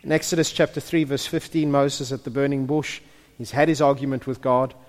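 A man preaching a sermon who builds to impassioned, near-shouted peaks and then drops to hushed tones. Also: mid-range voice, steady tone, brisk. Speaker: pastor. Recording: long hall reverb.

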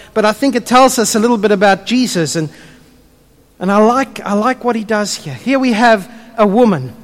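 A man delivers a sermon in a high voice. He preaches with animation and softens his voice to tell a story. The sound carries the long reverb of a church hall. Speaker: pastor.

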